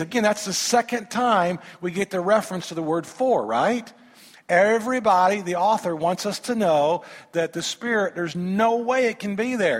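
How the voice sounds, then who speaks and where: A male pastor with a high voice preaches to his congregation, moving between scripture reading and lively commentary. He asks rhetorical questions and drops humorous asides. His voice carries the long reverb of a large church hall. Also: normal speed.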